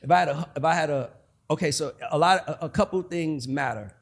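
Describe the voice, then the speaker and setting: A man in his forties with an Atlanta accent, a guest telling stories in a casual, animated, profane way. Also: a little high, a little fast, gravelly. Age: 40s. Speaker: guest, music executive. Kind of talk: casual podcast conversation.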